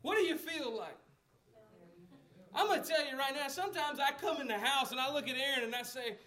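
High-voiced preacher, conversational. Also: male voice, a little fast, pushed and bright. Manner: conversational preaching with rhetorical questions, acting out quotes. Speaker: pastor. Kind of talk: sermon.

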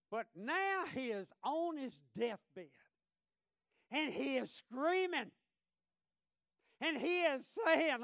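A man preaching a sermon with passion, dropping to a hush and then rising loud, and reading scripture aloud in old wording. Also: extremely high pitch, expressive, measured pace, no echo, clean studio sound. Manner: impassioned, swinging from hushed to loud; reads scripture aloud in King James wording.

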